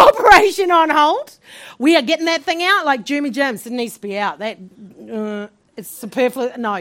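Animated middle-aged woman telling her story. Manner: animated, acts out each voice in her story with big swings in pitch and loudness; laughs often while telling. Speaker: guest sharing a testimony. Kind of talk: personal faith testimony storytelling.

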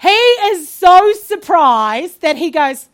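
A woman pastor telling her own story in a sermon, animated, with laughing asides. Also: very high-pitched, slow pace. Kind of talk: sermon testimony.

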